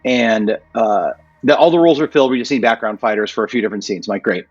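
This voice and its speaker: An American man with a slightly husky voice telling his story in a casual interview, acting out the quotes in lively voices. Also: fast talker, no room sound, muffled recording. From United States. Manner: animated, acts out quotes with jumps in pitch. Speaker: guest, martial artist and actor.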